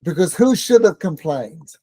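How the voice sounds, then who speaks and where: Brief: male rabbi, warm-dark tone, dry close recording, chatty teacher who quizzes his class. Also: on the high side, very animated, measured pace, no room sound. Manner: joking, conversational, asks the room questions. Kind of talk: informal Torah lesson with banter.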